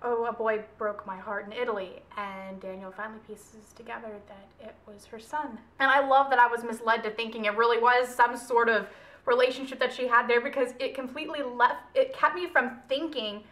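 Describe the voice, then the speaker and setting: A woman with a high, sharp, bright voice speaks straight to her viewers in a relaxed book review. She is chatty and gushing, retelling the story in her own loose words. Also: a little fast. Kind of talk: casual book review chat.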